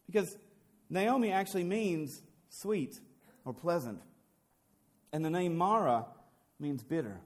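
A man's voice: high-pitched, expressive, measured pace, pauses often. A man preaching a sermon as a pastor, earnest, often repeating words as he builds a point.

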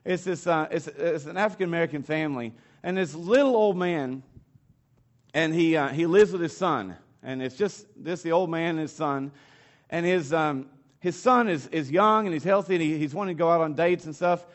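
A man preaching a sermon in a conversational, halting way. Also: a little high. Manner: conversational, halting, with restarts and fillers. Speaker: pastor.

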